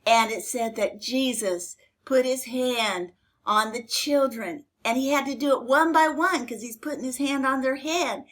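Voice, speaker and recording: High, bright-voiced grandma storyteller. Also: female voice, measured pace. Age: older. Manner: chatty, rambling, homespun, warm toward kids. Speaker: storytelling host. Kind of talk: folksy Bible storytelling for children.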